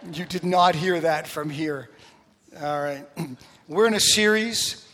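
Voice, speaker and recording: Joking pastor in a reverberant church. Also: male voice, on the high side, takes it slowly. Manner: animated, joking storyteller. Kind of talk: sermon with humorous stories. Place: church sanctuary. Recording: long reverb of a church hall.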